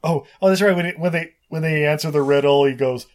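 A man's voice: fairly high pitch, fast, a little mellow. A man co-hosting a casual podcast, rambling and swearing as he recaps a film plot, often breaking into laughter.

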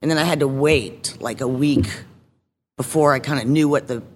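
A woman guest telling her own story in a casual interview, candid and halting, with many fillers and restarts. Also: rumbling low, a little mellow, big-room sound, slight background noise.

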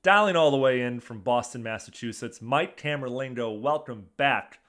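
A man hosting a casual podcast chat over a video call, easygoing and quick to laugh. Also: medium pitch, fairly bright tone. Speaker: podcast host.

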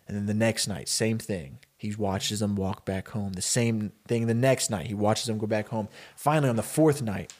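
A man co-hosting a podcast, telling a story in a loose, rambling, animated way with many fillers. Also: on the low side, normal speed, hardly any pauses. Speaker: podcast co-host. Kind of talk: casual storytelling pitch.

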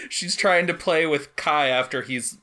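A woman in casual conversation, animated and laughing often as she acts out quotes. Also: low-pitched, unhurried. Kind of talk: casual chat.

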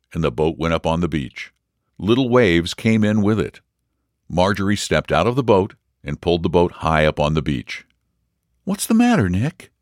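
A man reading a story aloud in a measured, expressive narration. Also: low-pitched, no echo, clean studio sound. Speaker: audiobook reader. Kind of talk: scripted narration.

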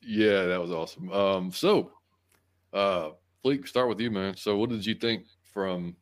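A man's voice: low voice, a little slow. A man hosting a sports podcast in casual chat, laid-back and dropping lots of "man" and "dude". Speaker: podcast host.

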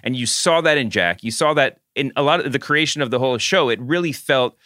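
A man's voice: medium pitch, lively intonation, fairly quick, pushed and bright, no echo, clean studio sound. A man from the American South co-hosting a podcast, chatting casually in rambling bursts with frequent restarts. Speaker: podcast co-host. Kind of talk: casual chat.

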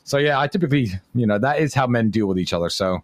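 A man's voice: medium pitch, animated, quick pace, no echo. A man in casual joking chat, with a teasing and playful manner. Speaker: guest.

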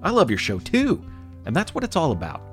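A man's voice: on the high side, wildly swooping pitch, fairly quick, a bit bright, faint music behind. A man reading a promo for his podcast in a playful, enthusiastic way. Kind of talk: promo read.

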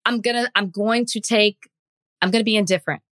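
A woman co-hosting a podcast, giving her opinions in a measured, deliberate way. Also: mid-range voice, steady tone, fairly bright tone, no room sound, clean studio sound. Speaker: podcast co-host. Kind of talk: casual podcast discussion.

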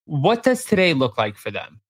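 A man hosts a casual interview and asks his guest curious, jokey questions. His voice sits a little high for a man. He talks in a relaxed, informal way. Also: normal speed, slightly rough. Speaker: host.

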